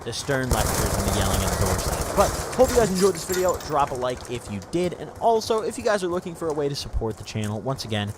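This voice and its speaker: A man's voice: mid-range voice, expressive, fast talker, few pauses, noisy background. A young man hosting a gaming channel, telling a profane, rambling story over gameplay and saying "dude" constantly. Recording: gunfire from gameplay behind voice. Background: game gunfire and vehicles.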